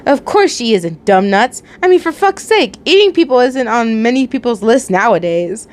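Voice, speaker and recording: A woman's voice: on the high side, lively intonation, moderate pace, a little hiss or hum, lightly acted. A woman voicing a crude, mocking male dream demon in a fan story, snapping back sharply. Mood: snappy. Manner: sharp and scornful.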